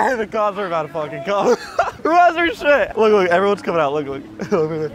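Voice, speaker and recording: A young man vlogging casually, loud and given to screaming and swearing when scared. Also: high voice, very animated, brisk. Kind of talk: casual vlog chat. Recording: music and crowd noise outdoors.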